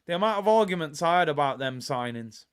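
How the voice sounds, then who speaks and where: Animated young man hosting a watch-along. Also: on the high side, fast talker, clean tone. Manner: animated, excitable, with loud outbursts of reaction. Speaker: host of a football watch-along. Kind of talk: casual live chat, reacting to the match and reading comments.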